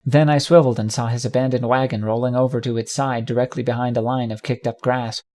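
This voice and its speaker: A man reading a first-person fan fiction audiobook with steady, dramatic storytelling. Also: mid-range voice, fast talker. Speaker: audiobook narrator.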